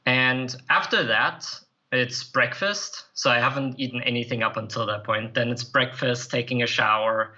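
An earnest man being interviewed as a self-improvement coach, answering in a reflective, conversational way. His tone is bright and forward. The recording sounds slightly dull and lo-fi. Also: medium pitch, normal speed. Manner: earnest, reflective, with light laughs and fillers. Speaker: podcast guest, self-improvement writer and coach.

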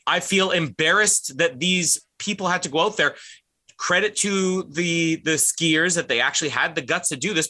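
A man co-hosting a casual podcast, telling a story in an animated way and laughing as he goes. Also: sits high. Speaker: podcast co-host.

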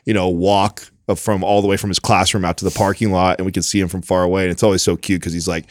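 Low-voiced man telling a family story. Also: little pitch movement, fast. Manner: storytelling, laughs often. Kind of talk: casual chat.

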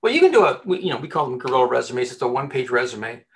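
A man, a headhunter, giving job-hunting advice in a casual interview, talking in an animated way with many restarts. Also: mid-range voice, racing. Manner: animated, chatty, many restarts and repeated words.

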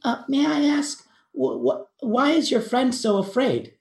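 A woman voicing a gentle, polite female bush baby spirit in a tabletop role-play, talking in a hesitant, apologetic way. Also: sits high, a little slow, creaky. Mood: chatty. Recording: roomy echo.

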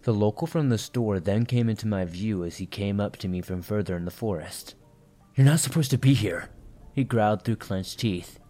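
A man narrating a first-person horror story in a steady, tense storytelling manner. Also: fairly low pitch, moderate pace, few pauses, faint music behind.

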